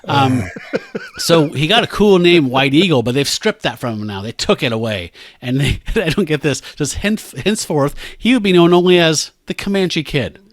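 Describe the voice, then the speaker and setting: A man's voice: on the high side, huge pitch swings, moderate pace, no room sound. A man co-hosting a casual comic book review podcast, recapping the plot and reading captions aloud with dry humor. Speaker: podcast co-host.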